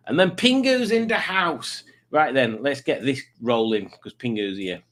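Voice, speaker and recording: A man's voice: medium pitch, very animated, unhurried, fairly bright tone. Joking man hosting a livestream. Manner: joking, reads chat messages aloud in silly voices. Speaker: livestream host. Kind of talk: casual live stream chat.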